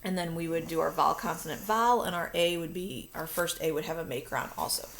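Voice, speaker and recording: A woman teaches a phonics lesson, explaining each step patiently for her video. Her voice is a little low and gravelly. A faint hum sits behind her. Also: fast, a bit bright. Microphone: recording her own video lesson.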